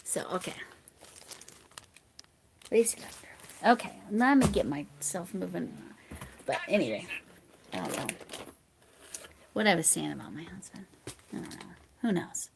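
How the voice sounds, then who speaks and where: An American woman hosting a livestream, chatting casually with viewers and reading their comments. She rambles and drifts into soft mumbled asides. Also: lowish voice, big pitch swings, moderate pace, gravelly, pauses often, noisy background. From United States. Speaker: livestream host.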